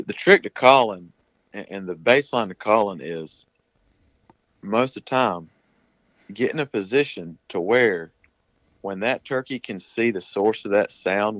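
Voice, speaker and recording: Low-voiced man explaining hunting tactics. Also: a bit bright, no room sound, poor audio. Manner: plain-spoken, explaining hunting tactics at length. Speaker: guest, turkey hunter. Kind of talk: casual podcast talk.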